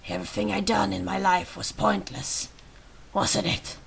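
A woman voicing a lonely character near the end of life, speaking slowly and wistfully in a game. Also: mid-range voice, steady tone, creaky, a little hiss or hum.

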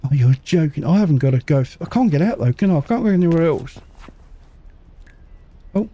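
Chatty man with lively pitch. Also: dull audio. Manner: chatty, muttering to himself, quick jokes. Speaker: gaming channel host. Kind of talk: casual let's-play commentary.

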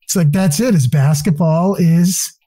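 Excitable, profane man with a dark voice. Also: a little high, dry recording. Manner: profane, rambling storytelling; excitable, quick to laugh. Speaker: podcast guest. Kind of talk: casual chat.

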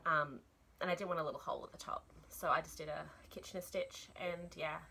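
A woman's voice: low voice, steady tone, brisk, creaky, sharp tone, slight background noise. A young woman hosting a knitting podcast, chatting enthusiastically about her projects with frequent ums and little laughs.

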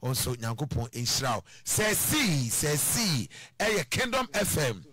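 Male radio host, high bright voice, gushing thank-yous. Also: very animated, slow, slight background noise. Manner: effusive, lots of thanks and shout-outs. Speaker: radio presenter. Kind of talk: radio talk show hosting.

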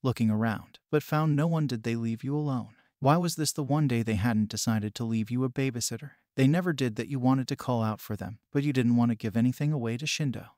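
A man reading a second-person fan fiction story aloud in a steady, even storybook delivery. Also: mid-range voice, brisk, few pauses, dry recording, clean studio sound. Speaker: narrator.

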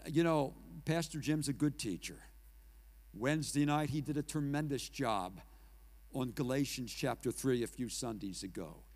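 A man preaching a sermon as pastor, swinging from loud declarations to hushed, near-whispered lines and asking the congregation questions. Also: mid-range voice, animated, moderate pace.

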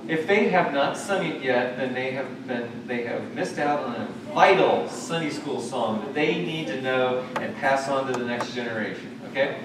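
A man leading a church service, reading scripture in a measured way and chatting playfully with children. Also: medium pitch, crowd noise. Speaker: pastor. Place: church sanctuary. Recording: echoey sanctuary recorded from far off, noisy.

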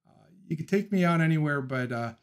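A man's voice: fairly high pitch, animated, brisk. A man from Philadelphia hosting a casual livestream, talking through viewer comments, ranting with opinions and laughing often. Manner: talks through thoughts with frequent ums and restarts. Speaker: livestream host.

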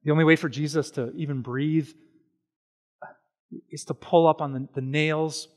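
Animated male pastor preaching. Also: a little high. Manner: animated and conversational, with everyday examples and quick asides. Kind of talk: sermon.

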